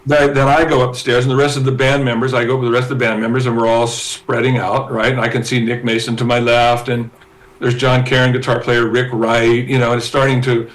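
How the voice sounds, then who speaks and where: Man, storytelling podcast guest, animated, lots of restarts, medium-pitched voice. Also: fairly quick, low-quality recording. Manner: frequent restarts and fillers. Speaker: guest guitarist.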